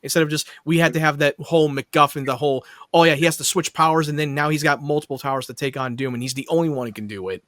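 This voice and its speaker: A blunt, opinionated man in a casual movie chat who swears now and then. His voice is a bit higher than most men's. It is recorded close and dry, with no room sound. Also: steady tone, quick pace, hardly any pauses, a bit bright, dry recording. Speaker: podcast co-host.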